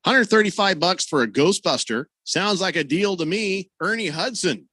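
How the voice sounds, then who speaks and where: A man's voice: high-pitched, expressive, moderate pace, sharp tone, no room sound. A man hosting a sports radio show, rambling and joking in casual studio banter. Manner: rambling, filler-heavy, joking.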